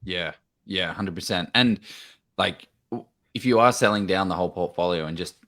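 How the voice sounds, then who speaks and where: Low-voiced Australian man, easygoing. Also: moderate pace, a bit bright. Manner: agreeable, loose and casual. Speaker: podcast co-host. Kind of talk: casual podcast chat.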